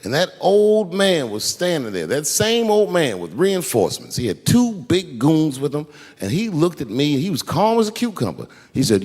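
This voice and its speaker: A man doing stand-up comedy, telling a story in an animated, profane way. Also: a little high, normal speed, big-room sound.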